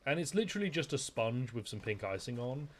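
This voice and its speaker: A man's voice: mid-range voice, big pitch swings, brisk, a little hiss or hum. A man, streaming a game and chatting in a joking, rambling way, with plenty of swearing. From England. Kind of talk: casual gaming commentary.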